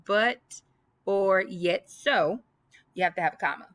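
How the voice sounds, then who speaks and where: A woman's voice: mid-range voice, a little slow, fairly bright tone. A woman teaching a grammar lesson, emphatic and reading example sentences aloud. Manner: emphatic, repeats list items aloud.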